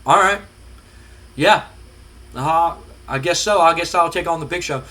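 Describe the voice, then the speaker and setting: A man's voice: a little high, a little slow, sharp tone. A man voicing an easygoing male wrestler who talks mildly and hesitantly. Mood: resigned. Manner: hesitant, mild.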